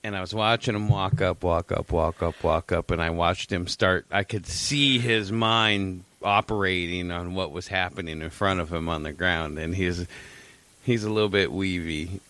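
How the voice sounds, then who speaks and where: A man's voice: deep voice, steady tone, moderate pace, pushed and bright. A man co-hosting a podcast, telling a long, rambling story in casual chat, swearing freely and laughing often. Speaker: podcast co-host.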